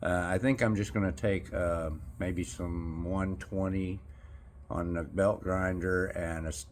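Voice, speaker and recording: Casting: low-voiced, folksy male maker, chatty workshop vlog, faint shop noise behind. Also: steady tone, a little slow. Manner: folksy, chatty, thinks aloud. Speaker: knifemaker. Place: forge workshop.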